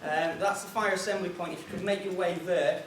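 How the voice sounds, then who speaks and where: A man's voice: high-pitched, fairly even intonation, fairly quick. A man hosting a seminar, telling an anecdotal joke and giving housekeeping notes in a chatty storytelling way. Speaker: seminar organiser and host. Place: conference room on an air base. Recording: roomy hall from far off, noisy.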